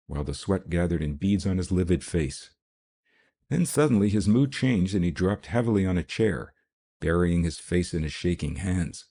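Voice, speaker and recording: A man narrating an audiobook in the first person, measured and formal. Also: low voice, warm tone, slightly rough.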